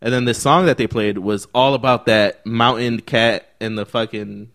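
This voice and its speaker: Casual young man, excitable storyteller, does everyone's voices, swears a lot, mid-pitched. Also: normal speed. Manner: animated storyteller, acts out other people's lines, swears a lot. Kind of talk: casual chat.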